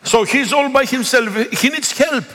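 A man whose first language is Greek, preaching a sermon in a church, pleading and rising to loud calls. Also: very high voice, moderate pace. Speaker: pastor. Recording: long echo of a big hall.

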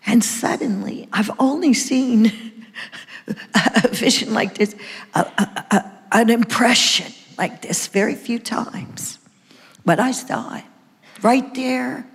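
A woman's voice: a little high, slow pace, creaky, husky. A woman preacher giving a dramatic sermon testimony, stammering through restarts and dropping into whispers. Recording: long hall reverb.

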